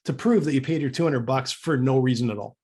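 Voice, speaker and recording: Speaking fast in a husky, mid-range voice, this Canadian podcast co-host spins a casual yarn. He keeps restarting and stumbling over repeated words while performing each line of dialogue with animation.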